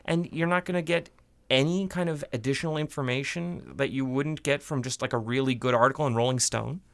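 A man on a podcast, critical and argumentative, with a gravelly yet smooth, resonant voice. It is recorded dry and close. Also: mid-range voice, fairly even intonation, a little fast, no room sound. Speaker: podcast co-host. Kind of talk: casual podcast chat.

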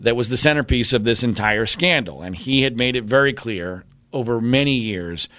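Man, blunt and combative, mid-pitched, dry close mic. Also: lively intonation, normal speed, pushed and bright, dry recording. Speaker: commentator. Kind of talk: opinionated monologue.

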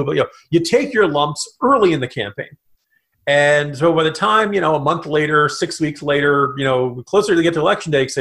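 Man, gravelly voice, political podcast co-host, animated commentary chat. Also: on the high side. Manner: animated, talks in quick bursts with asides.

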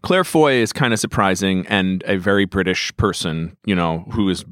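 A man's voice: low voice, normal speed, a bit bright, no room sound, clean studio sound. A man co-hosting a casual film-awards podcast, wry and digressive, laughing at his own jokes. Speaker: podcast co-host.

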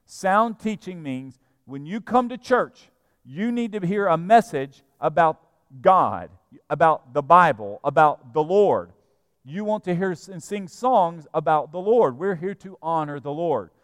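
A man preaching a sermon as pastor, emphatic and animated, sometimes acting out the people he describes. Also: on the high side, unhurried, no echo, clean studio sound, long reverb tail. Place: church sanctuary.

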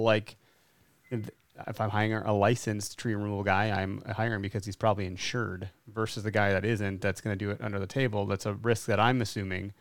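A man's voice: mid-range voice, no echo. A man hosting a podcast, asking curious, joking questions with some casual swearing. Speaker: podcast host.

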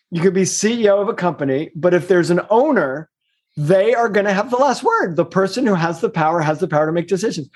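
Middle-aged guy, higher voice, coach chatting in an interview, emphatic, quick then slow. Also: a little mellow. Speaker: executive coach and guest. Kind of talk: casual interview conversation.

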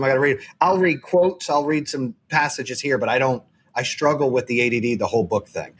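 A man's voice: mid-range voice, fairly bright tone, a little hiss or hum. A man hosting a podcast, chatting casually and earnestly, rambling with frequent restarts. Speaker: podcast host. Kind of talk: casual interview chat.

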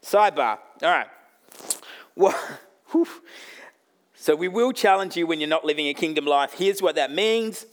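A man with an Australian accent preaching a sermon as pastor, blunt and jokey, swinging between loud bursts and quiet asides. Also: on the high side, expressive, measured pace, long pauses.

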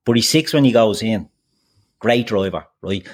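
An Irish man, a regular on a casual podcast, telling a story with animated banter and swearing. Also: fairly low pitch, normal speed. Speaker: podcast co-host. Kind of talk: casual banter among friends.

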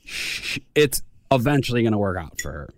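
Young man chatting in a halting way. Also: medium pitch, big pitch swings, no echo, studio quality. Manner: hesitant, filler-heavy. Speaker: podcast co-host. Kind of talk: casual chat.

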